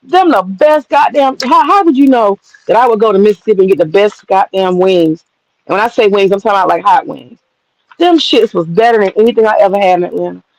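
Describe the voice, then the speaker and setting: A woman's voice: mid-range voice, a little fast, dry recording, low-quality recording. A woman streamer tells a story to her viewers in loose, casual talk. She curses freely and drifts into side remarks. She keeps her hands busy with a task as she talks. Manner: profane, rambling, lively storyteller; works with her hands while talking.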